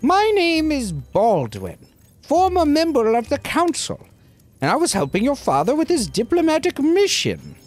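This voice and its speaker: A gamer voicing an elderly goblin councilor in slow, formal, grave speech with stray chuckles. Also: high voice, huge pitch swings, darkish tone, faint music behind, pitched above the performer's own voice, exaggerated voice. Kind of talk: reading game dialogue aloud in voices.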